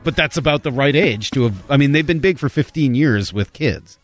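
A man's voice: medium pitch, brisk. A middle-aged man co-hosting a sports talk show, chatting casually and reading an ad with playful emphasis. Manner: lively, reads menu items with playful emphasis. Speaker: sports radio co-host. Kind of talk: casual chat and read ad.

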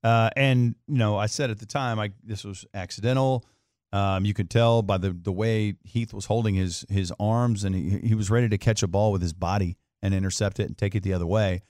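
A man co-hosting a sports talk radio show, breaking down a play with animated retelling. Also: fairly low pitch, a little fast, no echo, clean studio sound. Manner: animated storyteller, acts out quotes. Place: radio studio.

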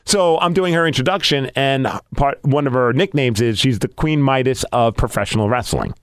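A man hosting a podcast, telling a story in a casual, animated way and acting out his own reactions. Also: mid-range voice, moderate pace, smooth, no room sound, clean studio sound. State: losing his voice. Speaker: podcast host.

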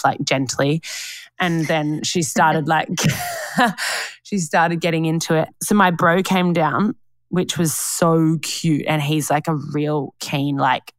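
A woman's voice: low-pitched, dry recording. A young woman co-hosting a podcast, chatting casually in slang and laughing often. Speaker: podcast co-host. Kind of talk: casual chat.

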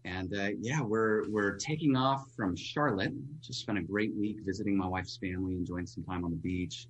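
A man, a pastor, telling a personal story as a radio guest in an earnest, halting way with frequent restarts. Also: low-pitched, a little hiss or hum.

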